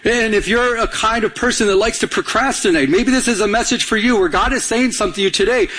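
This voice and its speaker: A man delivers a sermon to his church with an urgent push, repeating words and restarting phrases for emphasis. His voice sits high and carries a husky edge. He keeps calling out questions for the congregation to answer. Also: quick pace, hardly any pauses, pushed and bright, low-quality recording. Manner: urgent preaching with call-and-response questions to the congregation. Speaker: pastor.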